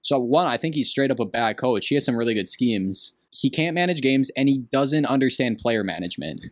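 A man's voice: medium pitch, expressive, brisk, no room sound, studio quality. A young man from Green Bay co-hosting a podcast, giving blunt, opinionated takes in casual sports chat. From Green Bay, Wisconsin. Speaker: podcast co-host.

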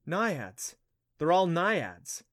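A man's voice: a little high, very animated, drawn-out words, a bit bright, dry recording, clean studio sound, voice pushed up, full character voice. A man voicing an earnest, brave teenage boy who talks in a worried, pleading way.

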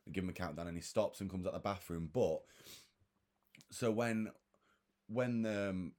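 A man's voice: deep voice, moderate pace, a little mellow. A man chatting casually about a film, blunt and swearing freely as he airs heated opinions. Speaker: film discussion co-host. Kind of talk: casual chat.

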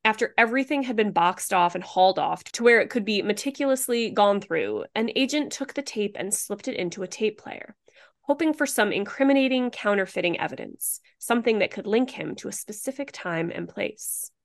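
A woman's voice: mid-range voice, animated, brisk. A woman co-hosting a true-crime podcast, chatty and blunt, swearing often and filling her talk with "like.". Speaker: podcast co-host.

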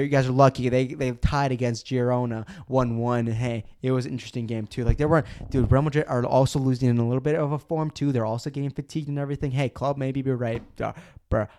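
A man hosting a casual football podcast, ranting excitedly, cursing often and restarting his sentences. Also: mid-range voice, clean tone.

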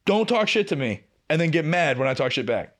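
A fairly high-pitched young man co-hosts a podcast, briskly and casually telling a long story from work. He curses often and is animated, playing out both voices in quoted arguments.

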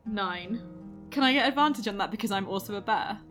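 A woman's voice: medium pitch, animated, fairly quick, music in the background. A woman playing in a tabletop role-playing game, chatty and giggly. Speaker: player. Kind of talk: casual tabletop game play.

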